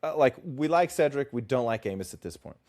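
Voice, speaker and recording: A man co-hosting a casual book podcast, his voice rising and falling a lot as he talks. He is emphatic and tends to repeat himself when excited. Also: medium pitch, fairly quick. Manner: animated, emphatic, repeats words when worked up. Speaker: podcast co-host.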